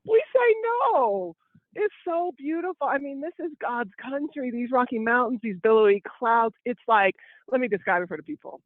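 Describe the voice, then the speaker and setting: A woman's voice: a little high, moderate pace, dry recording. A woman co-hosting a casual phone chat while walking outdoors in the mountains, out of breath, telling things vividly. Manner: vivid, animated storyteller. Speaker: co-host. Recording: tinny dry phone line.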